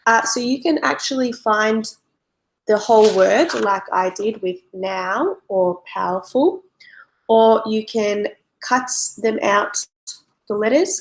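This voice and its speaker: A woman, a primary school teacher giving a recorded lesson to children, speaking slowly and clearly. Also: mid-range voice. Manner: slow and clear, spelling out and explaining for young pupils.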